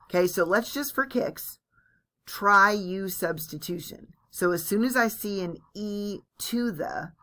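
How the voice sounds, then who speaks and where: A woman's voice: mid-range voice, a little slow, pushed and bright. A woman teaching calculus in a recorded lecture, chatty and self-deprecating as she walks through each step aloud. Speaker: math teacher.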